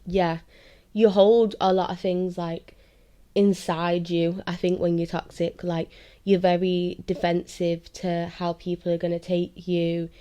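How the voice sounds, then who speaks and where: Mellow-voiced young woman rambling. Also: on the low side, level tone, unhurried, clear, resonant tone. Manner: rambling, keeps asking "do you know what I mean". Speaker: vlogger. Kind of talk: candid confessional monologue.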